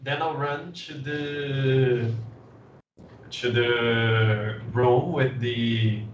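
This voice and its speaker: Slow, distant player in an echoey room. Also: male voice, mid-range voice, fairly even intonation. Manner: slow, unsure, thinking aloud. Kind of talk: playing a tabletop game. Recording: distant, echoey, muffled mic with faint noise.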